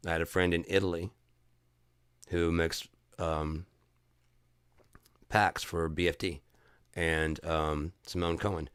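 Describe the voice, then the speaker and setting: A man with a low-pitched, forceful and crisp voice talks on his livestream. He rants with heat and curses freely, often doubling back and restarting his sentences. The sound is dry and close. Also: flat delivery, takes it slowly, long pauses, no room sound. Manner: profane, heated ranting; rambling with restarts. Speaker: livestream host. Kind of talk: casual chat.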